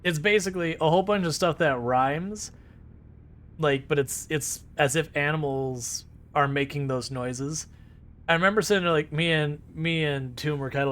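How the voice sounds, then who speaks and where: A man's voice: mid-range voice, a bit bright. A man casually chatting with his live-stream viewers while driving in a game, rambling and laughing easily. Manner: talks to chat while driving.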